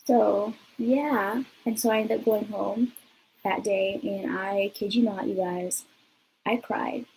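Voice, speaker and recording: A woman's voice: medium pitch, slow, creaky, a little hiss or hum, low-quality recording. A young woman in her twenties telling a personal story in a casual vlog, chatty and peppered with "like". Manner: chatty, peppered with "like", lively retelling. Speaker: vlogger.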